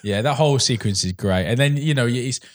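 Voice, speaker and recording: A man's voice: mid-range voice, fairly quick. A young man co-hosting a podcast in casual chat, enthusiastic and rambling, often saying "mate". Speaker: podcast co-host.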